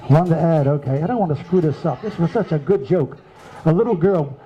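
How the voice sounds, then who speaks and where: A man's voice: fairly high pitch, fairly quick, muffled recording, slight background noise. A man acting as guest judge, telling dirty jokes with a chuckle.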